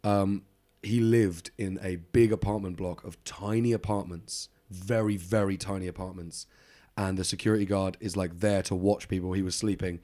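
Here the podcast co-host's voice is low and dark, held at a steady tone and normal speed. He relates a true-crime story loosely, rambling with frequent ums and side remarks while laughing along.

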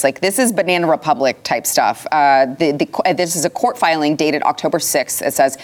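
Emphatic woman hosting political talk. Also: sits low. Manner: emphatic, impassioned, rising to bursts of emphasis. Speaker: host. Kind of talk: political commentary chat.

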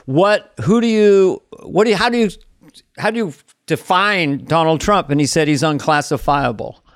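A man's voice: a little high, lively intonation, moderate pace, no room sound, studio quality. A man co-hosting a podcast, chatting playfully and joking with his guest. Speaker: podcast co-host. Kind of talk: casual chat.

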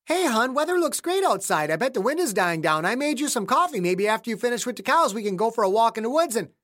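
A chatty, rambling country wife with a high, bright voice, as a male narrator puts her on. She runs her words together and frightens easily, like a woman in a dark storybook tale. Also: big pitch swings, fast. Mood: cheerful. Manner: talkative, rambling. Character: chatty rural wife in a bathrobe, easily scared.

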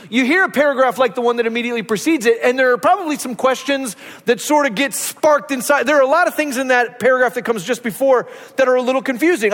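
A man's voice: extremely high pitch, a bit bright. A man preaching a sermon as a pastor, telling stories conversationally and often asking "right?". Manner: conversational storytelling, asks rhetorical "right?". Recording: long hall reverb.

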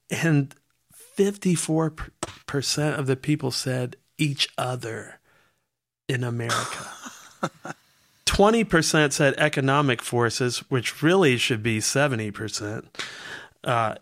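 Podcast host, male, mid-pitched gravelly voice, reflective and hesitant. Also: fairly bright tone. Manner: reflective, hesitant, many fillers. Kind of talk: casual podcast conversation.

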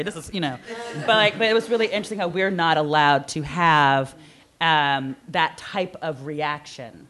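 A woman speaking on a panel discussion in an animated, enthusiastic way. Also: deep voice, moderate pace.

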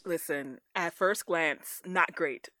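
A woman in casual podcast chat, animated and slangy, often acting out characters' lines. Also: on the low side, takes it slowly, no echo, studio quality. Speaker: podcast co-host.

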